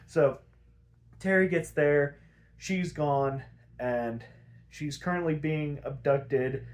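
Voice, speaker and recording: Rambling young man, slightly high voice. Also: takes it slowly. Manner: rambling, profane, animated retelling with acted quotes. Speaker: podcast host. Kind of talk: casual episode recap.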